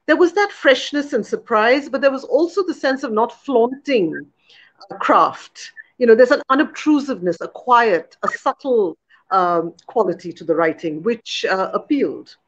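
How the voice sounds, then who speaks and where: A woman's voice: on the high side, lively intonation, moderate pace. Thoughtful woman in a muffled recording. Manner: thoughtful, careful, searching for words with fillers. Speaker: poet and interviewer. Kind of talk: literary conversation.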